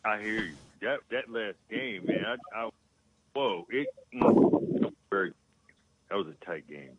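A man making halting, laid-back asides as co-host on a radio show. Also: lowish voice, animated, highs cut off, noisy background.

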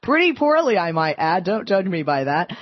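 A Boston woman hosts a call-in radio show, chatty and lively. Her voice is a bit husky and sits in a dry, close, slightly dull studio sound. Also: on the low side, no echo. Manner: chatty, lively, quick asides. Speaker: radio talk show host.

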